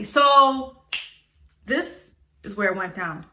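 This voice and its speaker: A woman's voice: on the high side, moderate pace, reverberant. A young woman with a New York accent telling a storytime vlog story casually, acting out her own quotes with lots of "like". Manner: animated, acts out her own quotes, frequent "like". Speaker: storyteller vlogger.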